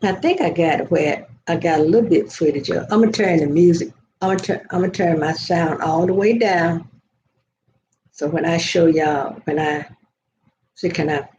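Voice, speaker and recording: A woman's voice: lowish voice, moderate pace, a little mellow. An older woman hosting a casual vlog, telling a meandering story and talking straight to her live viewers. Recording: dull lo-fi sound with faint noise.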